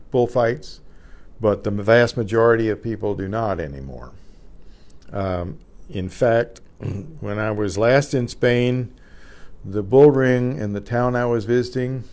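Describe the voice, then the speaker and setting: A man teaching a Spanish grammar class, explaining patiently and clearing his throat often. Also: lowish voice, a little mellow. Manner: recites word lists carefully.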